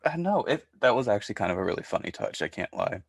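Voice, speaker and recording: A man's voice: fairly low pitch, big pitch swings, fast talker, creaky, breathy edge, dry recording, clean studio sound. A man co-hosting a podcast, recapping a show in casual chat and retelling scenes with quoted voices. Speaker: podcast co-host.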